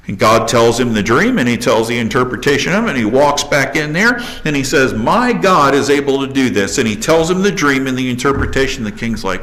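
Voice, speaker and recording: Animated man preaching. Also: mid-range voice, a little fast, few pauses. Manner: animated preaching, acts out quoted characters. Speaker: pastor. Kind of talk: sermon. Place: church sanctuary.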